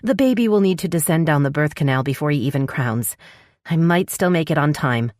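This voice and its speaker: A woman reading the lines of a female healer who guides a birth in a calm, instructive way. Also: deep voice, brisk, no room sound, clean studio sound.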